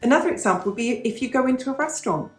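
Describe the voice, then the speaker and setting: A woman's voice: high voice, animated, rapid-fire, echoey room, soft background music. A British woman in her fifties chatting in a vlog, explaining things patiently like a former teacher and repeating key points. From United Kingdom. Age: 50s. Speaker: vlogger, former English teacher. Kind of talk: casual question-and-answer chat.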